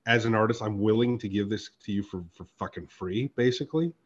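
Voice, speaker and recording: A podcast host with a husky, lowish voice talks a little fast as he tells a story in casual chat. He swears freely and reenacts both sides of every exchange, all on dull lo-fi podcast audio.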